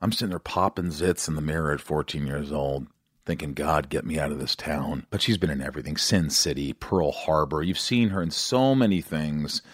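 A man's voice: a bass voice, normal speed, no echo, studio quality. A man hosting a podcast, chatting casually in a rambling, jokey way and a little out of breath. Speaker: podcast host. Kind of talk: casual interview chat.

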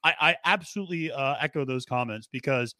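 A man's voice: medium pitch, brisk, sharp tone, dry recording, clean studio sound. A man appearing as a guest on a horse racing podcast, talking in an easygoing, casual way with lots of fillers. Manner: easygoing, filler-heavy talk.

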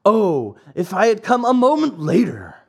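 An earnest, kindly dog , as a man reads him aloud in a storybook reading. The voice sits a touch higher than a plain reader and swings lively through each line. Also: moderate pace, gravelly, husky, full character voice. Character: kindly hungry male dog. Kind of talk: audiobook character voice.

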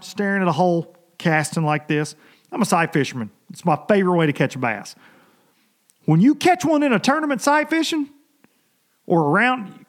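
Animated high-pitched man ranting. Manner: animated, exasperated storytelling with folksy phrasing. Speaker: fishing podcast host. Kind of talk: casual rant.

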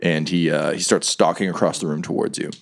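Guy game master, lowish voice, laughs a lot while he describes stuff. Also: fairly even intonation, a little fast, gravelly. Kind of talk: narrating a tabletop game.

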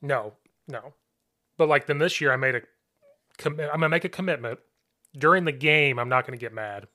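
A man's voice: mid-range voice, dry recording, clean studio sound. A man who coaches football, chatting casually on a podcast and telling stories with acted-out quotes. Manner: animated storyteller, acts out shouted quotes.

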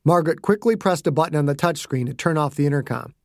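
A man's voice: fairly high pitch, lively intonation, fairly quick, few pauses, no room sound, studio quality. A man narrating his own fiction as a scripted audiobook with dramatic delivery. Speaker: author and narrator.

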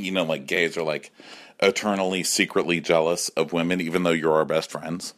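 A man's voice: deep voice, moderate pace, a bit bright. A man in his forties, drunk, delivering a campy, sassy comic rant that keeps slipping into acted-out voices. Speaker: caller leaving a voice message.

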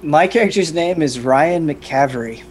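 A man's voice: on the high side, moderate pace. A man, a player, chatting in an easygoing, enthusiastic way while a tabletop game is set up. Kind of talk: casual chat setting up a tabletop game.

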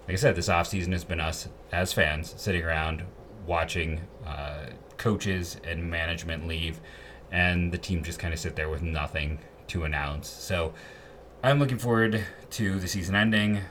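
Deep-voiced man hosting a sports podcast. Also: noisy background. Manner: rambling, candid, frequent fillers and restarts. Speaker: podcast host. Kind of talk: casual sports podcast monologue.

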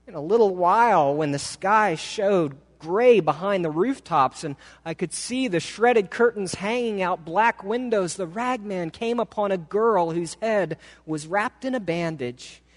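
A man preaching in a church, telling a story slowly and with feeling. His voice sits fairly high for a man, and each phrase is drawn out with deliberate pauses. A long hall reverb hangs on every word. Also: lively intonation. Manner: dramatic, slow, emotive reading. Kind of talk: sermon storytelling. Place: church sanctuary.

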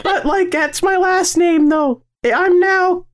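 A man's voice: very high-pitched, slow, background noise, voice pushed up. A man putting on a giggly girly voice. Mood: coy. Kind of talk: comedic bit on a podcast.

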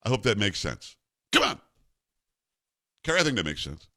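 A middle-aged man hosting a talk radio show, speaking in a brisk, emphatic, bantering way. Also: on the low side, big pitch swings, pushed and bright.

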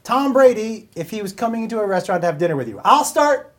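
A man's voice: high voice, very animated, quick pace. A male host in casual live-stream chat, joking around and trying out silly accents. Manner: jokey, plays with silly accents. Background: music playing.

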